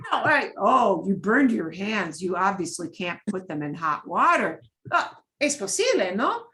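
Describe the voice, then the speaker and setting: A woman's voice: medium pitch, big pitch swings, slow pace, sharp tone. A middle-aged woman teaching Spanish, patiently explaining and switching between Spanish and English. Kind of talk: online language lesson.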